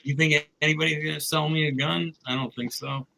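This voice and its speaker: A man's voice: on the high side, steady tone, brisk, creaky, bright, forceful tone, rough recording. A man in casual podcast chat, joking crudely and rambling with lots of swearing.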